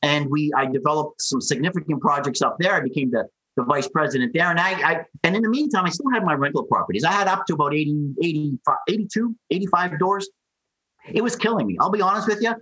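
A man, a podcast guest who tells his story in an animated way and acts out the people he quotes. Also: a little high, fast talker, breathy edge, rough recording.

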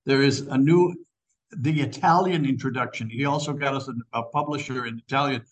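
A man's voice: mid-range voice, brisk, rough recording. An older man, a priest and author, telling stories as a radio interview guest, often repeating his words. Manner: repeats phrases, storytelling.

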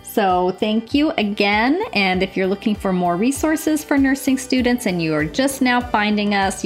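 An American woman nurse hosting her own podcast from a home office, chatting in an upbeat, gushing way. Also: medium pitch. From United States. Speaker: podcast host. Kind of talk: casual podcast chat.

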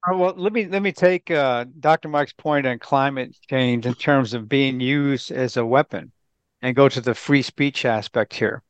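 A man's voice: mid-range voice, normal speed, clear, resonant tone, dry recording, lo-fi sound. A man, a guest commentator on a talk radio show, making his case in an emphatic, lecturing way and ticking off points in lists.

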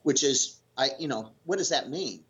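A man's voice: mid-range voice, lively intonation, moderate pace. A man from the United States telling a travel anecdote in a casual, rambling way, full of fillers and restarts. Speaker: guest telling a sailing story. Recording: lo-fi dull audio.

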